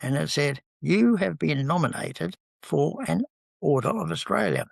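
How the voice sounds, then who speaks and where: A man's voice: a little high, animated, a little slow, gravelly, slightly rough, dry recording. A man, telling rambling stories as an interview guest, with lots of ums. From New Zealand. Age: 70s. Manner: rambling, anecdotal, with many ums. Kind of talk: relaxed storytelling in conversation.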